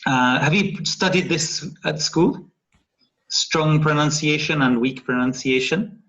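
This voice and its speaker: A man's voice: a little high, slow pace, fairly bright tone. A man teaching an online phonetics lesson, speaking patiently and often checking understanding with a questioning "yeah?". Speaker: English teacher. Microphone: video call. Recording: dull lo-fi video call audio.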